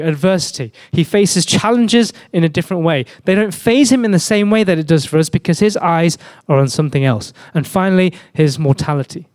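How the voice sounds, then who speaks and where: A man preaches a sermon in a conversational tone and poses rhetorical questions. His voice sits fairly high. The sound is dry and close. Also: a little mellow, dry recording.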